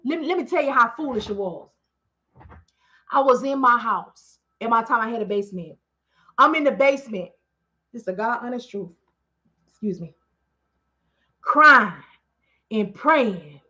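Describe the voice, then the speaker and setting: Woman, high bright voice, preachy testimony, lo-fi stream audio. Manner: preachy, emphatic, call-and-response asides. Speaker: business owner speaking to followers. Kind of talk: live-stream testimony to followers.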